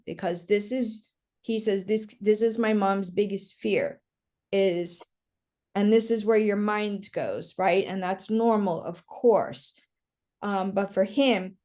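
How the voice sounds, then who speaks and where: Chatty woman medium on a video call. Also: mid-range voice. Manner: warm, chatty, fast with many fillers. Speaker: psychic medium. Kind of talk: live online reading.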